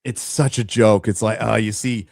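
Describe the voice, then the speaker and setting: A man's voice: lowish voice, steady tone, normal speed, gravelly, darkish tone, dry recording, clean studio sound. A man hosting a live show, giving blunt, opinionated commentary to his chat, with frequent stammered restarts. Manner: addresses chat directly. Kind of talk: casual opinionated livestream commentary.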